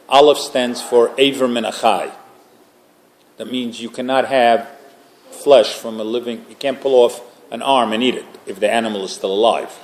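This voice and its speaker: A man's voice: on the low side, slight background noise. Man teaching a casual Torah class. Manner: conversational, joking asides to the group. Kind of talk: informal religious lecture.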